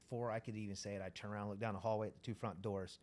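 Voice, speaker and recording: A man's voice: lowish voice, racing. A man telling a story as a podcast guest in casual, profane talk, acting out the lines of the people he describes. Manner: profane, animated, acts out quoted dialogue.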